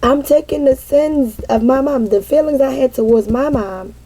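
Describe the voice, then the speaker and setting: A middle-aged mother telling a candid, casual personal story, animated and peppered with cursing. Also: high voice, normal speed, low-quality recording. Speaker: mother sharing parenting experience.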